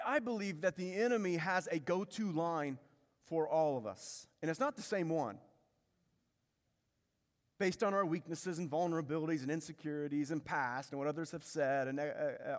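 A man preaching a sermon as pastor, emphatic, repeating key phrases and asking the congregation rhetorical questions. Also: a little high. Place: church sanctuary. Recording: long reverb of a large hall.

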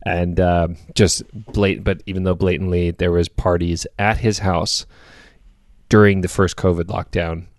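A man's voice: low-pitched, flat delivery, a little slow, dry recording, clean studio sound. A young man co-hosting a podcast, chatting casually in a rambling way, with frequent laughs and restarts. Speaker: podcast co-host. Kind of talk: casual chat.

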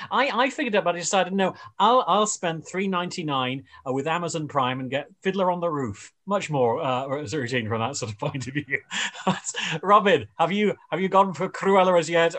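A man's voice: fairly high pitch, expressive, moderate pace, fairly bright tone. A man hosting a radio panel chat in a rambling way, with many fillers and restarts. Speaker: radio show host.

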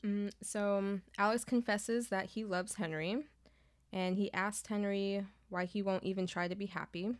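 A woman co-hosting a book podcast, summarizing the plot in casual chat, emphatic and quick to swear and laugh. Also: medium pitch, steady tone, dry recording, studio quality.

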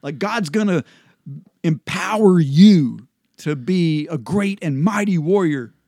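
Relaxed man explaining scripture, dry mic. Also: fairly high pitch, slow, dry recording. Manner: relaxed, explanatory, with frequent ums and restarts. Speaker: Bible study host. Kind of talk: casual Bible study chat.

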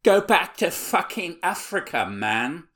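Sneering, taunting teenage boys tossing out mock slang in a pitched-up voice, played by a man. The voice climbs well above his own to jeer and mock. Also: big pitch swings, unhurried, fairly bright tone, heavily acted. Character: jeering teen boys, mock English slang.

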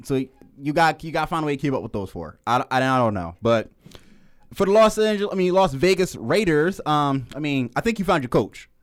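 A man's voice: on the high side, very animated, brisk. Man, sports talk host, casual, rambling, self-correcting, laughs a lot.

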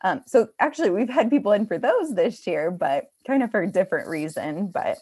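A woman's voice: mid-range voice, animated, a little fast, darkish tone, breathy edge. A woman who owns a bridal shop, talking casually in a podcast conversation with many fillers and restarts. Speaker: bridal boutique owner.

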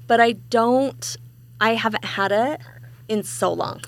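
Gravelly-voiced woman in her forties. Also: a little high, takes it slowly. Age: 40s. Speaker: podcast co-host. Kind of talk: casual chat.

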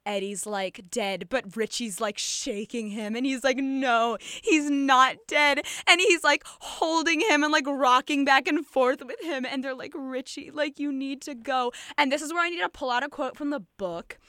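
A woman hosting a casual chat, retelling a film plot in an animated way and acting out the quotes. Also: sits high, normal speed, hardly any pauses, dry recording, clean studio sound. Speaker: podcast host.

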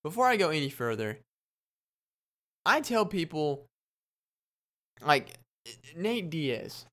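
Excitable young man telling a story. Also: on the high side, slow. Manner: excitable, rambling, laughs often. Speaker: podcast host. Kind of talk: casual storytelling monologue.

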